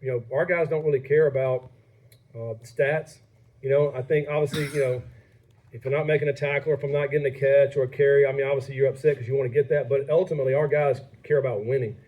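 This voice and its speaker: A man, a head football coach, answering questions at a postgame press conference in an upbeat, halting way. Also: medium pitch, steady tone, mellow, rough recording.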